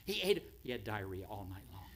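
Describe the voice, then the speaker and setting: A man preaching in a church, telling a story with dramatic swings between loud cries and hushed lines, with an American accent. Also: on the low side, very animated, fast talker, slight background noise. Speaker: pastor. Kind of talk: sermon storytelling. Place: church sanctuary.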